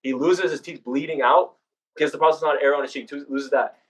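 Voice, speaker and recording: A young man leading a student discussion, retelling history in a rushed, casual way with many restarts. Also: on the high side, steady tone, distant mic, rough recording. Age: young adult. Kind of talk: informal religious history talk.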